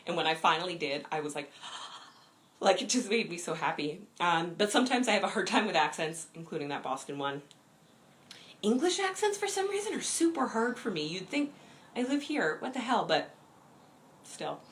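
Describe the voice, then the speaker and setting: A woman's voice: on the low side, expressive, brisk, fairly bright tone. A woman hosting a witchcraft livestream, chatting enthusiastically about crystals with plenty of fillers. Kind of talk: casual livestream talk.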